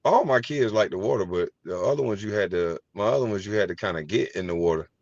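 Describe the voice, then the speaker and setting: A middle-aged man with a low voice tells animated, profane stories in a relaxed chat. He laughs easily as he talks. The sound is dry and a little dull. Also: fast talker, dry recording. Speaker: host. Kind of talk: casual chat.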